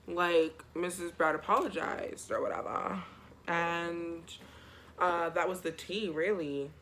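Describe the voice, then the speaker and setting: A man's voice: high voice, fairly bright tone, a little hiss or hum. A young man telling a storytime vlog in a chatty, slangy, dramatic way. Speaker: vlogger. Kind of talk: casual storytime.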